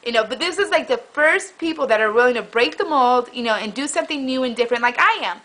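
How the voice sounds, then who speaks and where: A young woman vlogging in casual chat, rambling through an animated story. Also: high-pitched, quick pace, poor audio. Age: young adult.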